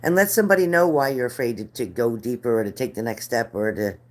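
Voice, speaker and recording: A woman's voice: rumbling low, fast. A middle-aged woman reading spirit cards live for viewers, chatty and earnest, repeating their names. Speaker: card reader.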